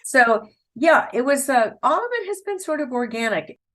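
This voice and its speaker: A woman's voice: sits high, very animated, normal speed, a bit bright. A woman, a voice actor telling stories in a casual interview and laughing often. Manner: chatty, laughs often, storytelling. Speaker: voice actor guest.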